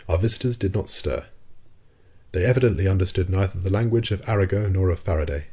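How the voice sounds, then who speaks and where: A man reads a classic novel aloud for an audiobook, his delivery steady and measured like a storyteller's. His voice is low and husky.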